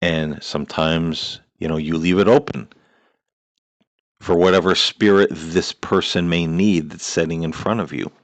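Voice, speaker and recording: Man, very low voice, earnest spiritual talk-show host, preacherly listing cadence, lots of uh and you know, dry close sound. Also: fairly even intonation, unhurried, dry recording. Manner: earnest, repetitive lists, frequent "uh" and "you know".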